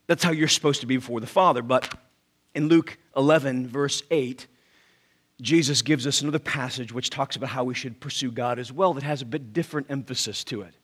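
A man's voice: medium pitch, fairly quick, a bit bright, breathy edge. A man preaching a sermon with emphatic rhetorical questions, often repeating words as he starts a thought. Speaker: pastor.

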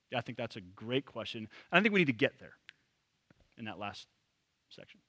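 Bright-voiced man teaching a church group. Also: medium pitch, big pitch swings, fairly quick, no room sound. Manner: talkative, many fillers and restarts, chuckles. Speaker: church leader teaching a training session.

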